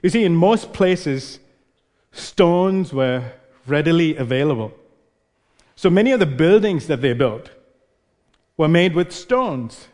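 A man's voice: fairly high pitch, expressive, slow, long pauses, a little mellow, big-room sound. A male preacher giving an expository sermon, explaining and posing rhetorical questions.

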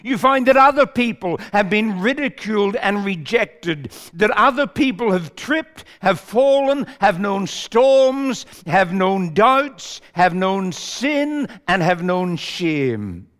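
A man preaching a sermon in a measured, emphatic way, building lists for effect. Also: sits high, big pitch swings, fairly bright tone. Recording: long reverb of a large hall.

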